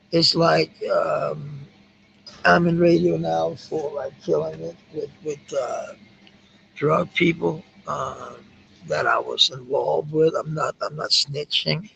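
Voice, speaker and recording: A man from Denmark chatting casually and rambling on a livestream, swearing now and then and filling pauses with ums. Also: fairly high pitch, little pitch movement, gravelly, fairly bright tone, slight background noise. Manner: rambling, laid-back, swears casually, many fillers. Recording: dull lo-fi stream audio.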